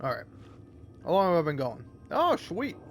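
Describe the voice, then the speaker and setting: A man's voice: high voice, wildly swooping pitch, moderate pace, soft background music. A man giving casual gaming commentary as a let's play host, rambling, swearing and talking back to the game.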